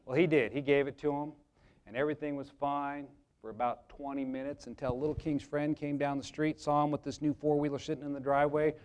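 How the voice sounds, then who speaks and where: A man's voice: a little high, little pitch movement, fairly quick, darkish tone, clean tone. A man presenting a live workshop, talking conversationally to the audience and telling jokey anecdotes about insurance. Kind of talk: live seminar talk with anecdotes.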